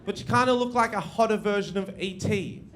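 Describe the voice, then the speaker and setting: A young Australian man does stand-up on a theatre stage, his voice pitched high and excitable. He talks in a loose, animated way, swears freely and laughs along with his own stories. A faint hum of room noise sits behind him. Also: a little fast. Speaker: stand-up comedian. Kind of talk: stand-up comedy set. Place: theatre stage with live audience.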